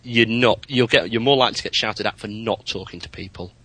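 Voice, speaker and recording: Chatty, bright-voiced man telling flying tales. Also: on the low side, a little fast, slightly rough, no room sound, low-quality recording. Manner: chatty, anecdotal, animated when telling stories. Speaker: podcast co-host, private pilot. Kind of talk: casual chat about flying.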